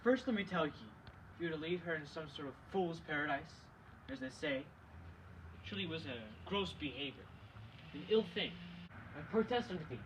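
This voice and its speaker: A young man, a student actor, reciting Shakespearean street-quarrel scenes in a quick exchange. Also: fairly high pitch, close to an everyday voice. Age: young adult. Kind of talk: amateur Shakespeare scene acting. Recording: dull lo-fi recording with loud noise.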